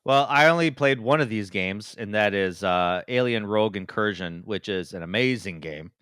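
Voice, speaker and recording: A man's voice: fairly low pitch, lively intonation, normal speed, fairly bright tone, clear, resonant tone, no echo, clean studio sound. A man co-hosting a gaming podcast in casual chat, rambling with many fillers and restarts. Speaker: podcast co-host.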